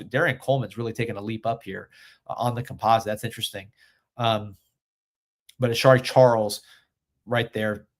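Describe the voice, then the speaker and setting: A man hosting a live sports recruiting show, talking casually and excitedly, reading viewer comments and rankings aloud with plenty of fillers. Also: medium pitch. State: a little out of breath. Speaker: sports recruiting livestream host.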